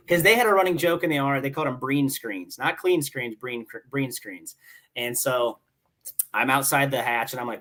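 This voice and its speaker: A man in his thirties telling stories as a guest in a relaxed chat. He talks in an animated way, swears easily and plays out the back-and-forth of conversations. His voice sits at an ordinary middle pitch for a man. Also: normal speed. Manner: animated, swears casually, acts out dialogue. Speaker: podcast guest, Marine staff sergeant. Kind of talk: casual storytelling chat.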